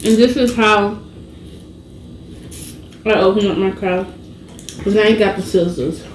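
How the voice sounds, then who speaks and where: A woman's voice: mid-range voice, fairly even intonation, unhurried. A young woman hosting a casual eating vlog, playful and laughing often as she chats while eating. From Haitian heritage. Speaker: vlogger host. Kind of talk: casual mukbang chat. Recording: echoey room, slight noise.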